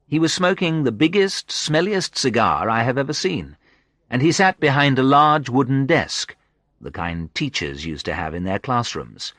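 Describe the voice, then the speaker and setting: A man narrating a story for English learners, reading slowly and clearly with a lively, rising and falling pitch. His voice is low but bright, recorded close and dry with no room sound. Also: dry recording. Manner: slow, clear, expressive reading.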